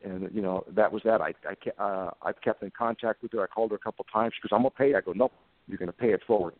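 A man's voice: lowish voice, fairly even intonation, fast, dry recording. A man in his fifties, a police officer guest, telling anecdotes in an earnest, plain-spoken way. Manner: earnest, plain-spoken, emotional when recalling events. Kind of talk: anecdotal storytelling in conversation. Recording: tinny phone-like line, dry sound.

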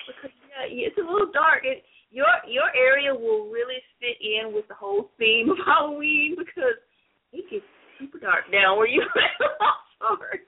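A woman's voice: sits high, very animated, normal speed. A woman co-hosting an internet radio show in a playful, giggly way, laughing often between lines. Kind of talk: casual internet radio chat. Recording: tinny phone line.

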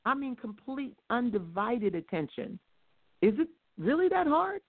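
A woman teaching on a religious talk show, emphatic and fond of rhetorical questions, with her stresses rising close to shouting. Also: on the high side, big pitch swings, a little slow. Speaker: guest speaker. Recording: tinny phone line.

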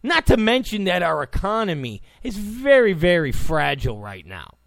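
A man rants in a high, gravelly voice that swings widely in pitch. He talks slowly and repeats his points, with sarcastic asides along the way. The sound is dry and close. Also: sing-song, a bit bright, no echo. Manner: heated, ranting, sarcastic asides, repeats phrases. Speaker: political commentator. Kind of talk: opinionated political rant.

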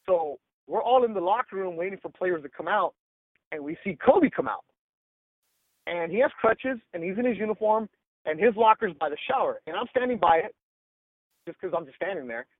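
A male sports reporter telling stories in a casual interview, animated and full of "like" and "bro", acting out quotes. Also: high-pitched, a little fast, no room sound, narrow, tinny audio. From Los Angeles. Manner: animated, acts out quotes, says "like" and "bro" often.

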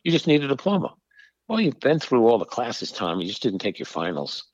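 An older man voicing a kindly but firm older Jesuit priest, gentle and persuasive. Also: mid-range voice, big pitch swings, brisk, slightly rough, no room sound, dull audio. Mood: earnest.

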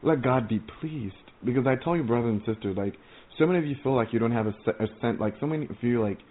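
A man giving an informal testimony sermon, earnest and excitable, rambling with many stammered restarts. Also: mid-range voice, fast. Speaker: preacher sharing visions. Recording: tinny phone-like audio.

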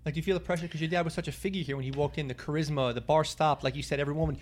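A man hosting a podcast, asking quick prompting questions in a casual interview. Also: a little high, fairly even intonation. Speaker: podcast host. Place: inside an old bar.

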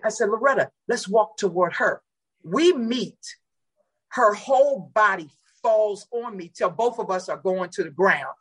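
Husky, animated woman preacher telling stories. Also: low-quality recording. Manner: dramatic, acts out the voices in her stories with big pitch leaps. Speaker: pastor and guest. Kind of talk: animated testimony storytelling.

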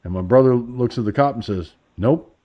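An American man hosts a talk radio show, spinning a long story in a loose, swearing style and restarting his sentences often. His voice sits at a middling pitch, and the recording sounds dull and lo-fi. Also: fast. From United States. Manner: profane, rambling with many restarts. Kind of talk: casual storytelling.

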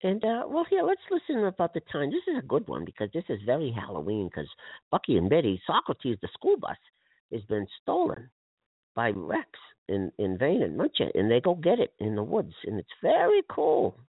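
A man's voice: medium pitch, wildly swooping pitch, brisk, breathy edge, dry recording. Rambling, eager male radio host. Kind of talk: chatty kids' radio introduction. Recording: tinny lo-fi radio with hiss.

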